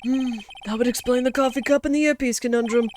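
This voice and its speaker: A woman's voice: a little high, steady tone, quick pace, darkish tone, slight background noise, lightly acted. A woman voicing a fussy elderly male judge in a formal, ponderous manner.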